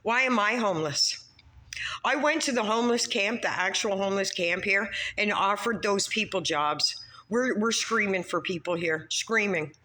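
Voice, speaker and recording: A woman's voice: medium pitch, moderate pace, bright, forceful tone. A woman in her fifties, a drywaller vlogging from an indoor unit of a building site on her phone, pleading and repeating her points for emphasis. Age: 50s. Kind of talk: heartfelt personal vlog appeal.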